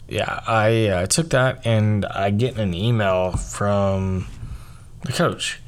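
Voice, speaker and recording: Rambling young man telling his story. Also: fairly low pitch. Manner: rambling, filler-heavy, frequent "like" and "um". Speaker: podcast host. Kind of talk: casual personal storytelling.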